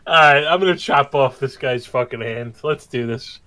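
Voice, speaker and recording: Bright, joking male tabletop player. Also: medium pitch, moderate pace. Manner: laughing, profane banter. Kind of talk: casual game chat.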